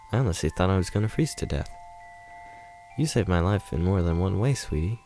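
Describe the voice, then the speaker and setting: A man's voice: low-pitched, lively intonation, normal speed, faint music behind. A man voicing a sweet, timid young woman. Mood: grateful. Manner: polite, soft, hesitant, slightly raised voice. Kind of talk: reading a visual novel aloud.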